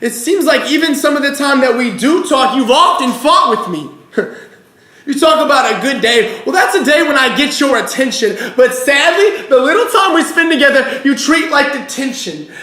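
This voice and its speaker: A man's voice: very high-pitched, animated, moderate pace, bright, forceful tone. A man performing spoken word poetry with a rhythmic, rhyming delivery. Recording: roomy echo.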